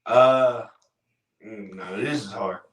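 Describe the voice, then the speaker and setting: A man's voice: on the low side, slow, recorded from a distance. A young man answering interview questions in a laid-back, easygoing way. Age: young adult. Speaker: college football player guest. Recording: echoey room, off mic.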